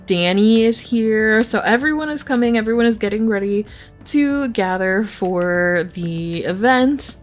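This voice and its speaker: A woman giving chatty, excitable commentary while playing a life simulation game, narrating the characters and reacting to glitches. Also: a little high, measured pace, faint music behind. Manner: chatty, excitable, squeals when delighted. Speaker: gaming YouTuber. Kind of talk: casual Let's Play commentary.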